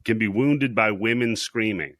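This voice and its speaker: A man's voice: on the low side, normal speed, fairly bright tone, no echo, clean studio sound. A man hosting a podcast, recapping a horror movie in casual chat, joking and laughing often. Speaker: podcast host.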